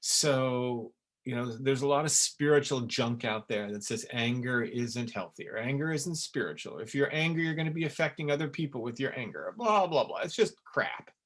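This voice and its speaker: A middle-aged man talks through an online webinar in an earnest, emphatic way. His voice sits at an ordinary middle pitch, and he leans on repeated words to drive his points home. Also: normal speed, hardly any pauses. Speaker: essence maker giving a webinar. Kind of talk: spoken webinar talk.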